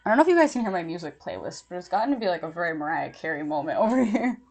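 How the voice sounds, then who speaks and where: A woman's voice: fairly low pitch, big pitch swings, very fast, creaky, darkish tone. Casting: young woman, chatty and giggly, streaming her makeup routine in casual chat. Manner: chatty, giggly, lots of fillers.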